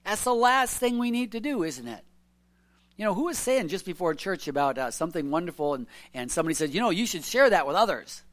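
A preacher giving an informal evening sermon, telling stories earnestly with soft chuckles and asking "isn't it?" and "you know" all the time. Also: medium pitch, very animated, a little fast. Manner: chatty, many tag questions and "you know".

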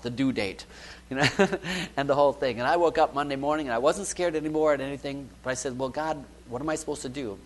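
A man preaching a sermon built around a personal testimony, talking conversationally with many asides and soft laughs, moving between loud stretches and hushed ones. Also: mid-range voice, poor audio. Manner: conversational, frequent "you know" and soft laughs.

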